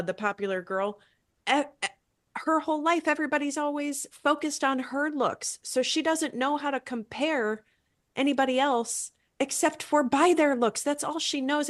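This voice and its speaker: A woman hosting a podcast who talks as a coach, reflective and encouraging. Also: fairly high pitch. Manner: earnest, encouraging.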